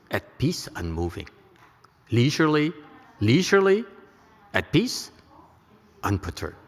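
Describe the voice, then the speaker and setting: At a temple, a man gives a dharma lecture on Buddhism to an audience, joking and checking that they follow along. His mid-range voice is slightly bright, with a long reverb tail.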